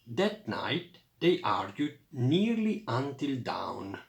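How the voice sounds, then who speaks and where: A man reading a children's picture book aloud in a lively storytelling voice. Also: medium pitch, takes it slowly, creaky, roomy sound.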